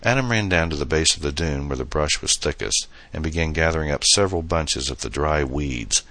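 A man reading an audiobook novel as narrator, in steady, measured storytelling. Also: extremely low pitch, no echo. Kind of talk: scripted narration.

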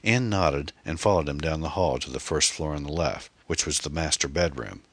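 A man reading a mystery novel aloud as audiobook narrator, measured and steady, on a close mic. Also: a bass voice, no echo.

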